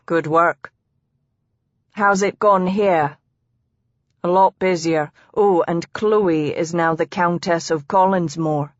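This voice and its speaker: A terse, watchful man of few words, as a woman narrator reads him. He speaks calmly and slowly in a lowish voice, and the recording is dry and a little dull. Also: no echo. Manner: terse and calm. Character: steady, watchful male companion, laconic.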